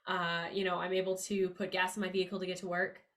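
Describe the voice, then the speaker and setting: A woman hosting a podcast, giving a motivational money-mindset monologue in an upbeat, emphatic and earnest way, her pitch leaping up on key words. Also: little pitch movement, fast, a bit bright. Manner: earnest, confiding tone with listeners. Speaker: podcast host.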